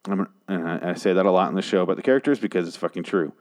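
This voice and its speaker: A man hosting a show, recapping a TV episode in a casual, profane, exasperated monologue, with sarcastic asides and quick jokey voices for the characters. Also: sits low, a little mellow. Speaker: podcast host reviewing a TV episode.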